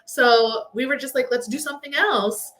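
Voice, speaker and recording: A woman talks in a relaxed, chatty way, her voice sitting fairly high. She tells stories with many filler words. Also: normal speed. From Texas. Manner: chatty storyteller, lots of "like" fillers. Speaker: podcast guest. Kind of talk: casual chat.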